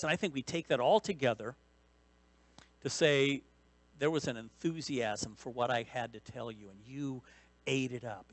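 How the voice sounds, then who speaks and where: A man preaching a sermon as pastor, bursting into emphasis and repeating key phrases. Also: mid-range voice. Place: church sanctuary.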